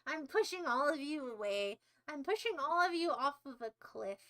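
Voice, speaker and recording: A woman's voice: high-pitched, expressive, normal speed, a bit bright. A young woman hosting a livestream, talking casually in a melodramatic, mock-despairing and playfully insulting way. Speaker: livestream host.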